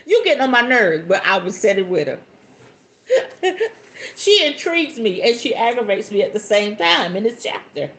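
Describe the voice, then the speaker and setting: A woman's voice: mid-range voice, moderate pace, creaky. A woman hosting a podcast, reading a book aloud and breaking off into playful, casual commentary. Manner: animated, playful asides between read passages. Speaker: podcast host.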